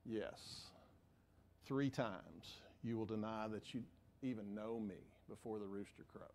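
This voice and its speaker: A preacher voicing Jesus as a gentle, soft-spoken man, dropping his voice low and quiet. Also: measured pace, a little hiss or hum. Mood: tender. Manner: hushed, low and tender.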